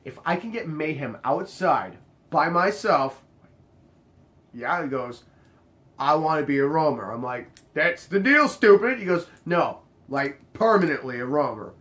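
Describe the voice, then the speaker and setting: A young man casually telling a bartending story, acting out each exchange with sudden jumps up in his voice. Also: a little slow. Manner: animated, acts out the dialogue, jumps high in pitch when quoting others.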